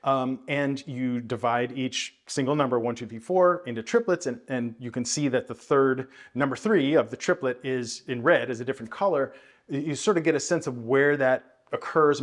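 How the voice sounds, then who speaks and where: A male music teacher in a video lesson, voice sitting in an ordinary middle register. He explains ideas in a thoughtful, hedging way and breaks into counted beats and scatted rhythms to demonstrate. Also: medium pitch. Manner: counts and scats rhythms aloud while explaining. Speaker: jazz bass teacher.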